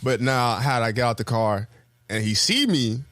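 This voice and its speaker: A man's voice: moderate pace, dry recording. Loose-talking man telling a story, dry mic. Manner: animated storyteller, acts out quotes with loud high bursts; loose, profane, many fillers and restarts. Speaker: podcast co-host. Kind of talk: casual storytelling chat.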